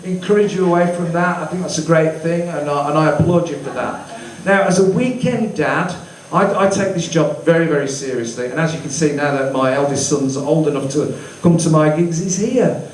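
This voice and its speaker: A man's voice: a little high, normal speed. A man doing a stand-up comedy routine, chatty and self-mocking with sweary asides. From English Midlands. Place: comedy club stage with live audience. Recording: roomy echo, distant mic, faint club noise.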